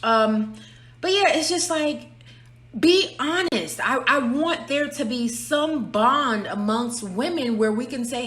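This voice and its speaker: A woman's voice: high voice, animated, slow, fairly bright tone, roomy sound. A woman giving a candid personal monologue, blunt and emphatic, swearing freely. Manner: blunt, frequent profanity, emphatic. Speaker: speaker sharing personal views.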